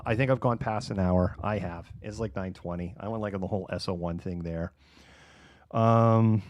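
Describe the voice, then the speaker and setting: Low-voiced man hosting a casual livestream. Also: a little mellow, no room sound, studio quality. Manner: rambling, laughs often, acts out voices in anecdotes. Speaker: live show host.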